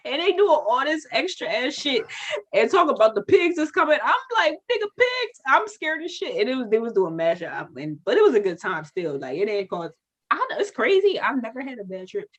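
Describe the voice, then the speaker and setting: A woman co-hosting a casual podcast chat, profane and animated, laughing while she rants. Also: a little high, brisk, husky. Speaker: podcast co-host.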